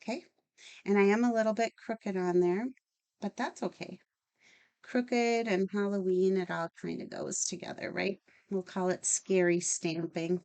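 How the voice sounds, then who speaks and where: A woman's voice: medium pitch, steady tone, unhurried, darkish tone, smooth, muffled recording. A woman hosting a casual card-making tutorial, chatty and enthusiastic as she works. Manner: chatty, enthusiastic, talks while working. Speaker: craft channel host.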